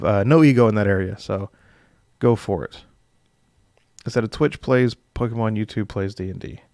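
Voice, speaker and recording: Gravelly man hosting a casual stream. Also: mid-range voice, dry recording, clean studio sound. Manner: relaxed, rambling, with filler words and chuckles. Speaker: dungeon master hosting a live stream. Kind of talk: casual live-stream chat, reading viewer comments.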